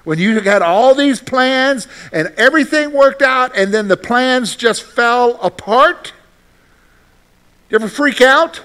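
A middle-aged man, a pastor, reading scripture slowly and then preaching with lively rhetorical questions. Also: high voice. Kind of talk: sermon.

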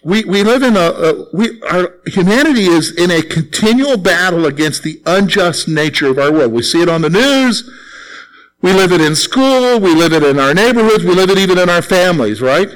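A middle-aged man preaches a sermon to his congregation. His voice sits a little high for a man. He keeps it conversational, repeats phrases and acts out little quotes. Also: animated, normal speed, poor audio. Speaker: pastor.

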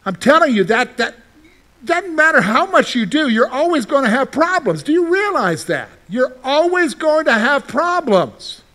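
A man's voice: very high voice, very animated, moderate pace, pushed and bright. A male pastor preaching a conversational sermon, firing questions at the congregation and acting out their replies. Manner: conversational, asks the congregation questions and answers them; plays out imagined listeners' replies.

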